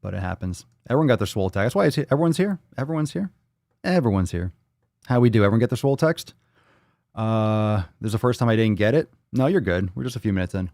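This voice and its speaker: A man's voice: lowish voice, lively intonation, quick pace, creaky, darkish tone, dry recording, clean studio sound. A man hosting a casual livestream podcast, talking loosely and swearing freely while reading chat comments aloud. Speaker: podcast host. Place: indoors at home.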